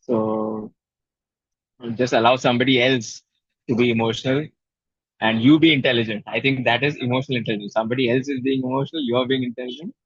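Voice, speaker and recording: A man's voice: medium pitch, steady tone, fast talker, slightly rough, dry recording, highs cut off. A man giving a reflective, wry talk at an online club meeting, often correcting himself as he goes. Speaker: club speaker.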